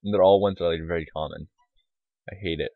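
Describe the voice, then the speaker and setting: Deep-voiced man rambling over a game. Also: fairly even intonation, fast talker, vocal fry, no echo. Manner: rambling, mumbled asides with many fillers. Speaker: gaming YouTuber. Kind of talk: casual let's-play commentary. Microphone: desktop microphone. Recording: tinny lo-fi dry mic.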